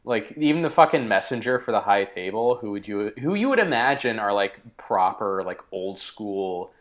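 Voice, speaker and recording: A man's voice: on the low side, big pitch swings, normal speed. A man co-hosting a podcast, talking loosely and profanely in a casual movie review chat. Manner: loose, profane, filler-heavy. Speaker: podcast co-host.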